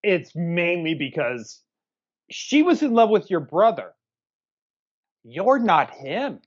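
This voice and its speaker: A man co-hosting a casual movie podcast, relaxed and crude, his pitch rising and falling freely. The mic sounds dull and lo-fi. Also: slow pace. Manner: laid-back, crude, hesitant. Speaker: podcast co-host. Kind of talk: casual movie review chat.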